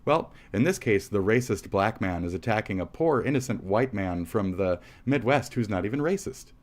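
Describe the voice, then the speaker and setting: Deep-voiced man ranting angrily. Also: animated, normal speed. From United States. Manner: profane, rambling, combative. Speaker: live streamer. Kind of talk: angry live-stream rant.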